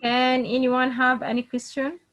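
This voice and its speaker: A woman teaching Quran recitation in slow, repetitive English with phrasing. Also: high voice, completely flat delivery, fairly bright tone, rough recording. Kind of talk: online lesson.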